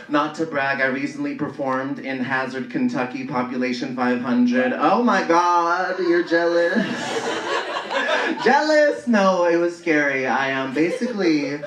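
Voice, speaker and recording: A man from the Bay Area doing a live stand-up set, camp and animated, jumping into shrieking high voices for punchlines. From San Francisco Bay Area. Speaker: stand-up comedian. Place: comedy stage before a laughing audience. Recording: echoey live room, mic heard from far off, clear crowd noise.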